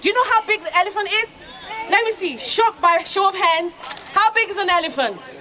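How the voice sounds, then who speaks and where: High, lively woman storyteller from Nigeria. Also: a little fast. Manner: lively, call-and-response, coaxing children to join in. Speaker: storyteller and radio host. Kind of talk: interactive storytelling for children. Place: outdoor festival kids' area. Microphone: handheld microphone. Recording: outdoor crowd noise in background.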